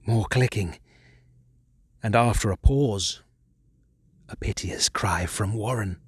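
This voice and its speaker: A man narrating a horror audiobook in a measured, hushed, dramatic way. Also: fairly low pitch, slightly rough, dry recording, studio quality.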